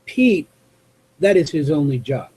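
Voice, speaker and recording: A man from the US West Coast hosting a live call-in show, talking off the cuff in a rambling, halting way as he searches for words. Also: a little high, lively intonation, darkish tone, breathy edge, low-quality recording. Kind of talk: unscripted monologue to chat viewers.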